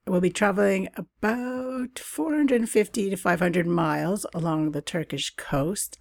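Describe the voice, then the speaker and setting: A woman's voice: on the low side, gravelly, dry recording. A middle-aged woman from Canada hosting a travel podcast, chatting casually in a bubbly way and laughing often. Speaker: podcast host.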